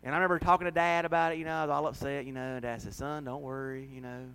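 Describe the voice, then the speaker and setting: A middle-aged man preaching a folksy, emotional sermon, breaking into laughs and sudden loud, high rises. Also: racing, smooth, low-quality recording. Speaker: pastor.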